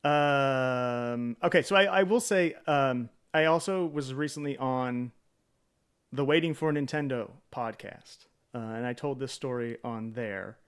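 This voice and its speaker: A man's voice: medium pitch, unhurried, clean tone. A man streaming live in a casual chat, greeting viewers by name, rambling with hesitant fillers and self-deprecating jokes.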